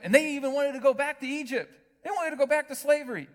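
Animated preaching man in a reverberant hall. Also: extremely high pitch, quick pace. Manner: animated preaching, rhetorical questions, laughs with congregation. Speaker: pastor. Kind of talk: sermon. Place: church hall with long reverb.

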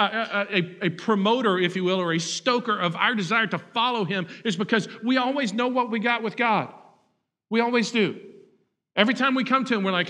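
High, bright-voiced male pastor preaching. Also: in a large hall. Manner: animated, acts out quoted voices, swings from loud to hushed. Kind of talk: sermon.

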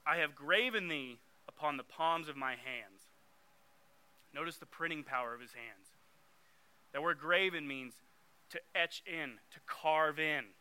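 A young man preaching a sermon in a chatty, conversational way that turns emphatic on the scripture readings. His voice is very bright and forward, smooth and clear, sitting a little high for a man. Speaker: youth preacher.

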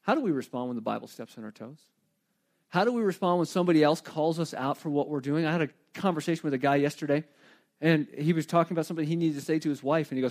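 A middle-aged man preaching a sermon in a conversational, animated way, with asides and light humor. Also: fairly high pitch, quick pace. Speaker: pastor.

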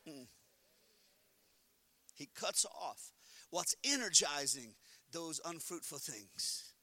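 A male pastor delivers an animated sermon, his high, piercing voice swinging from hushed asides to shouted peaks. He slips into funny stories, acting out the inner voices of his listeners. The sound is close and dry. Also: slow pace, long pauses, dry recording. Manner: humorous storytelling with acted-out inner voices.

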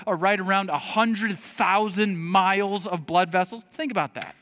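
A man preaching a sermon, emphatic, rising to loud appeals and dropping to quiet earnest asides. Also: high-pitched. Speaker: pastor. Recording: long hall reverb.

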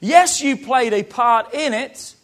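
A man's voice: extremely high pitch, expressive, takes it slowly, a bit bright. A British man preaching as a pastor, rousing and calling on the congregation to repeat lines after him. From Britain. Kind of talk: sermon.

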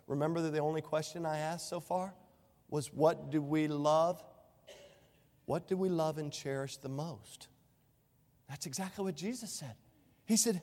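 A man's voice: high voice, normal speed, darkish tone, long reverb tail. A male pastor preaching a sermon, quoting scripture and asking the congregation rhetorical questions.

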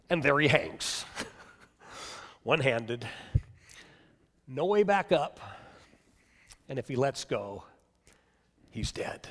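A male pastor preaching a sermon, telling a story with animation and dropping to hushed tones. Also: sits high. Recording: long reverb of a hall.

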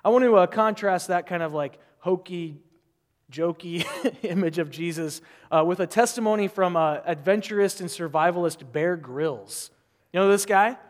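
A male pastor preaches in a loose, conversational style, asking question after question. His voice sits notably high. It rings out with a long reverb, as in a large hall. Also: moderate pace. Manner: conversational, rambling with asides and rhetorical questions. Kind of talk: sermon.

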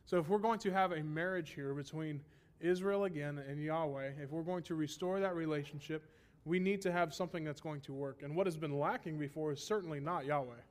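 Guy teaching a bible study, kinda high voice, keeps saying "right?", leans on repeated lines. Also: a little fast. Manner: explanatory, asks rhetorical "right?" often; stresses repeated phrases for emphasis. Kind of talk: teaching sermon.

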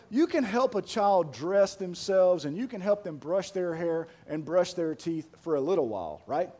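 A young man preaching a sermon as pastor, animated, repeating words and building to emphatic shouts. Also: high-pitched.

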